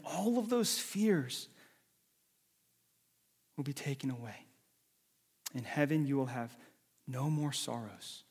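Husky-voiced man preaching in a hall. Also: medium pitch. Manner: dramatic, swings from loud calls to hushed whispers. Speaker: pastor. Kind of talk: sermon. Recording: long reverb of a large hall.

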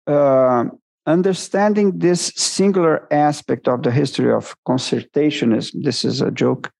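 A man from Brazil, giving an academic lecture in English as a seminar guest speaker, measured and deliberate with self-corrections. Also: on the high side, gravelly, darkish tone. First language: Portuguese.

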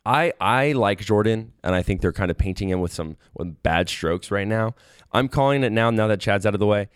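A man's voice: fairly low pitch, expressive, a little fast, clear, resonant tone, dry recording, clean studio sound. A man co-hosting a podcast in casual chat, rambling playfully and making confident predictions. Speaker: podcast co-host.

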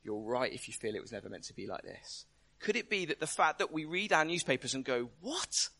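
A man preaches in a bright, forward voice at a middle pitch. He talks conversationally to the audience and presses his points with repeated rhetorical questions. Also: very animated, quick pace, creaky. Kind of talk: sermon.

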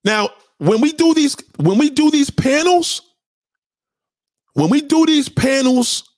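A man's voice: very high voice, expressive, slow, a little mellow, dry recording, clean studio sound. A man hosting a livestream, ranting at his live chat in a profane, combative way, often repeating himself. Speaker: livestream host. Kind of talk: unscripted rant to a live chat.

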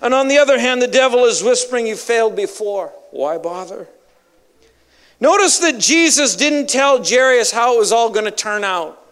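A man's voice: extremely high pitch, brisk, a bit bright, clean tone. A male evangelist preaching a sermon with emphatic, dramatic storytelling.

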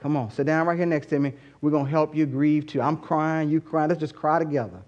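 A man voicing condescending male disciples who soothe grieving women in a hushed, patronizing way. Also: fairly high pitch, big pitch swings, drawn-out words, slightly rough, highs cut off, pitched below the performer's own voice, full character voice.

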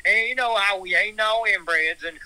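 A man's voice: high-pitched, normal speed, sharp tone, no echo. A man voicing a dim, giggly redneck male mechanic who calls in by phone, stumbling over his words. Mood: earnest. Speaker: phone-in guest. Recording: tinny phone line.

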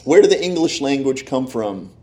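A man's voice: mid-range voice, very animated, normal speed, a little mellow. A man preaching a sermon, playfully asking his congregation questions and joking with them. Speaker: pastor. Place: church in front of a congregation.

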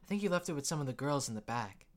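A man's voice: medium pitch, animated, rapid-fire, close to an everyday voice. A man voicing a languid serpent-woman hostess. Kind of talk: tabletop role-play voicing.

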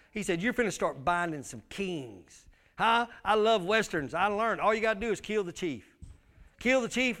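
A man's voice: high voice, fairly bright tone. A male pastor, preaching a sermon with emphatic call-and-response.

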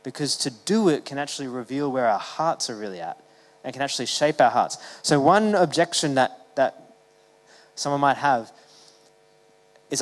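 A man's voice: mid-range voice, lively intonation, normal speed, big-room sound, low-quality recording. A man giving a sermon as the church's pastor, talking in a casual, conversational way with many fillers and restarts.

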